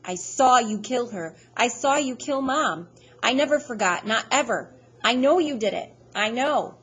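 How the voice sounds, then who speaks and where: A woman voicing a frightened teenage boy who shouts and pleads at his father. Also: big pitch swings, slow, slightly rough, exaggerated voice. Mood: pleading, insistent. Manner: desperate high-pitched shouting.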